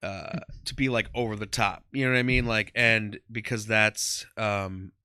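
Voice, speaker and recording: A man's voice: on the low side, fairly even intonation, moderate pace, bright, forceful tone, clear, resonant tone. A man in his thirties, a comedian, talking casually in an interview, rambling with lots of "um" and "like". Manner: rambling, heavy on "um" and "like". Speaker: guest, comedian and former ring announcer.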